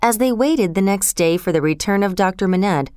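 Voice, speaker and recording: A woman reading a story aloud in a measured, clear audiobook narration. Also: mid-range voice, expressive, a little mellow, no echo, studio quality.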